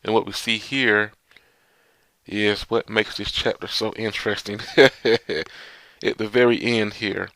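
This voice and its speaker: A man with a low, gravelly voice recaps a manga chapter in a loose, stop-start ramble. He reads the characters' lines aloud in his own flat voice. The sound is dry and close. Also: takes it slowly, no echo. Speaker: manga reviewer. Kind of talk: casual manga chapter review, reading panels aloud.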